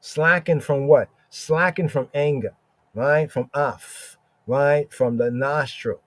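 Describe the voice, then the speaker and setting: A man's voice: a little high, no echo. Man teaching scripture, keeps asking "right?". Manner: keeps asking "right?", drawls Hebrew words slowly. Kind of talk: informal scripture study podcast.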